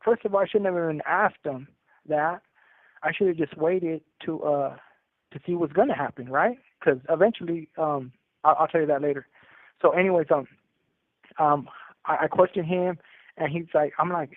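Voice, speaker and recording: A man tells a story in loose street slang, stumbling through restarts and fillers. His voice sits a bit high. It comes through a dry, tinny prison phone line. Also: moderate pace, no room sound. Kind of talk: casual storytelling over a phone call.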